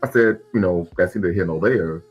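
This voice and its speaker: A man in a played debate clip, laying out his argument in a measured, explanatory way. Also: low-pitched, husky.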